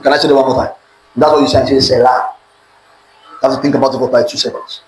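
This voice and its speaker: A man's voice: mid-range voice, flat delivery, fairly quick, pauses often. Preaching man in an echoey room. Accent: Nigerian. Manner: call-and-response, asks audience to repeat words. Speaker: preacher teaching on relationships. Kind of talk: sermon-style teaching to a live audience. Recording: echoey room with faint background noise.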